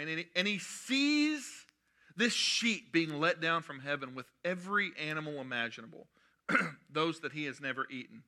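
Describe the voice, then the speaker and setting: A man preaching with lively energy and playful asides. His voice sits a little high and rings bright and forceful. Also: normal speed. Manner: animated preaching with humorous asides. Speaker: pastor. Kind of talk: sermon.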